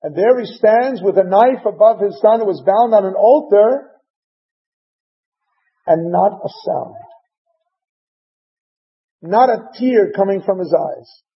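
High-voiced man preaching a story sermon. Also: animated, takes it slowly, pauses often. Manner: storytelling, mixing in Hebrew terms. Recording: dull lo-fi recording.

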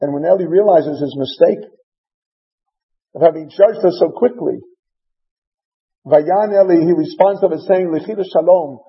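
A man's voice: on the high side, moderate pace, pauses often. A man preaching a sermon, retelling scripture as a story and mixing in Hebrew terms. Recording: dull lo-fi recording.

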